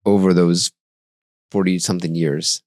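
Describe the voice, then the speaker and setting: Deep-voiced man in his forties musing. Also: little pitch movement, moderate pace, darkish tone, no room sound, clean studio sound. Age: 40s. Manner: thoughtful, trailing off, hesitant restarts. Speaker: podcast host. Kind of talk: casual reflective podcast chat.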